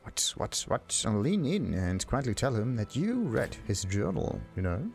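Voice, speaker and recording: Creaky-voiced man narrating his gameplay. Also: mid-range voice, sing-song, normal speed, darkish tone, faint music behind. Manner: reads dialogue options aloud, chuckles often, muses to himself. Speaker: let's play host. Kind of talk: casual gameplay commentary.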